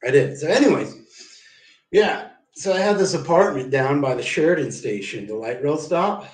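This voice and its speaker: A man on a livestream rambles through stories in a casual, profane, slangy style, saying "dude" constantly. His voice is a little high with lively intonation at a normal speed, picked up by a distant mic in a roomy space.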